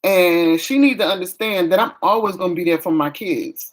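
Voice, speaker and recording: A woman's voice: fairly low pitch, moderate pace. A middle-aged woman, venting frankly in a casual vlog chat. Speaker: vlogger.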